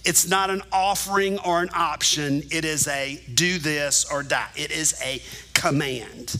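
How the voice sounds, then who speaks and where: A man's voice: a little high, fairly even intonation, measured pace, bright, forceful tone, poor audio. A male pastor preaching a sermon, teaching animatedly and speaking directly to the congregation in a church sanctuary.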